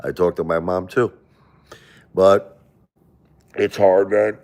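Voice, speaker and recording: A middle-aged man with an extremely low, deep voice talks straight to his livestream viewers. He rambles and circles back, repeating phrases as he pours out a confessional monologue. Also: steady tone, slow, creaky, a little mellow. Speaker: livestream host.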